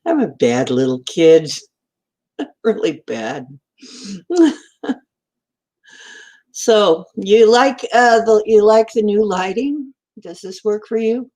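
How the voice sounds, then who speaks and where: With a warm, mid-range voice, a woman streams casually from home, calling out viewers by name and rambling giggly, unfiltered thoughts.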